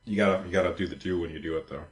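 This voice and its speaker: A man's voice: low voice, fairly even intonation, racing, a little hiss or hum. A man co-hosting a casual gaming podcast, blunt and teasing in his remarks. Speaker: podcast co-host.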